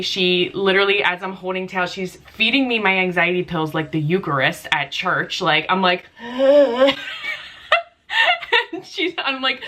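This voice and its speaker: A young woman vlogger telling a story in a casual, chatty way, full of "like" and quick laughs. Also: lowish voice, pushed and bright. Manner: chatty, frequent "like", laughs easily. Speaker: beauty vlogger.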